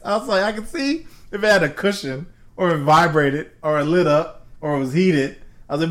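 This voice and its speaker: High-voiced man telling animated stories. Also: moderate pace. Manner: animated storytelling, laughing often. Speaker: podcast co-host. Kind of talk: casual podcast chat.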